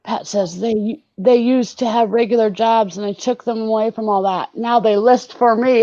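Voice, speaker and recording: Woman host, live-stream chat, higher voice, giggly, dry and muffled video call sound. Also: steady tone, normal speed, hardly any pauses, dark tone, dry recording. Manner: chatty, laughs often, reads chat comments aloud. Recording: dull, lo-fi video call audio.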